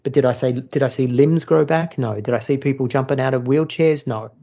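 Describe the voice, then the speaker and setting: A man's voice: medium pitch, a little fast, creaky, dark tone, lo-fi sound. A man, a former churchgoer turned atheist, telling a story in casual podcast chat, blunt and swearing freely.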